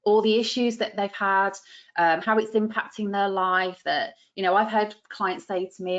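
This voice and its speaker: A woman's voice: medium pitch, normal speed. A British woman teaching a masterclass for practitioners, chatty and coaching, acting out client voices as she explains. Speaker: business coach for nutritionists. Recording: muffled lo-fi audio.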